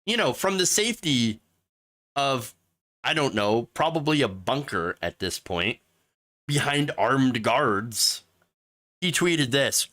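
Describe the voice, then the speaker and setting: Man, political commentary host, sarcastic and mocking, animated pitch, bright edge. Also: slow, pauses often. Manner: mocking, with exaggerated mimicking voices.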